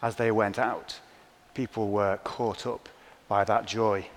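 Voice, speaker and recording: A man preaching a sermon in a church, relaxed and conversational, often ending his points with tag questions. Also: fairly low pitch, slow. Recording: church hall reverb.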